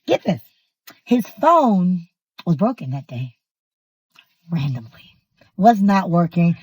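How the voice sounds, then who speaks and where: A woman in her thirties telling a personal story in a casual, animated and emphatic way, often exasperated. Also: fairly low pitch, slow pace, breathy edge, no room sound, rough recording.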